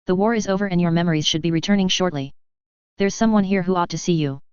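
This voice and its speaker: A woman reading the part of a precise, firm older witch headmistress who speaks calmly and politely. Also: lowish voice, fast talker, clean tone, no echo, dull audio, lightly acted.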